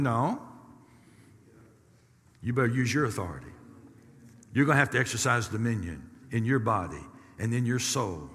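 A middle-aged pastor with a drawl preaches in a bright, forceful voice, swinging from easy folksy asides to sudden loud rises. His sermon rings out with a long reverb through a church hall. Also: medium pitch.

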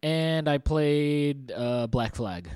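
Slow, giggly high-voiced man. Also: expressive, darkish tone, clear, resonant tone, no echo, clean studio sound. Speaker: podcast co-host. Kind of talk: casual podcast banter.

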